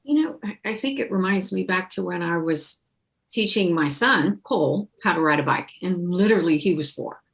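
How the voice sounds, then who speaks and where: A mother telling a personal story in a conversation, animated and expressive. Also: lowish voice, moderate pace, creaky, low-quality recording. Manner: animated storyteller, acts out voices in quotes. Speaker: podcast guest.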